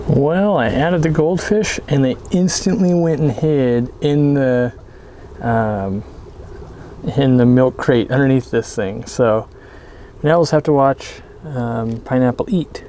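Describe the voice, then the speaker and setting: Easygoing male vlog host outdoors, chatty and unpolished, mid pitch. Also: slow, slight background noise. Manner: relaxed, rambling, many fillers and restarts. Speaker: aquarium shop owner and channel host. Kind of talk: casual outdoor walkthrough vlog. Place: outdoors by a garden pond.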